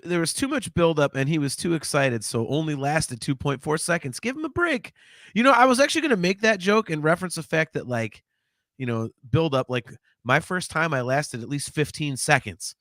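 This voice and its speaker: Brief: male podcast co-host, high lively bright voice, profane animated ranter, dry close mic. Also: moderate pace, dry recording. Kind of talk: casual chat.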